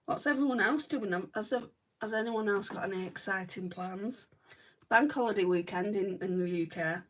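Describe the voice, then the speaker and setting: A woman's voice: mid-range voice, moderate pace, fairly bright tone. Chatty northern English woman, mic a bit far. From northwest England. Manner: chatty, rambling, fillers like "right" and "like". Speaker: beauty vlogger. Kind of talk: casual livestream chat while doing makeup.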